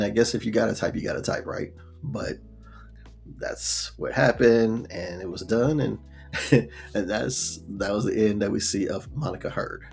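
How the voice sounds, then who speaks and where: Gravelly low-voiced man recapping an episode. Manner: laid-back retelling, full of fillers and acted quotes. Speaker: show reviewer.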